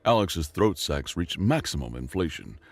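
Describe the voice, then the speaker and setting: A man narrating a sci-fi story in a dramatic, measured storytelling voice. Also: low voice, sing-song, no room sound.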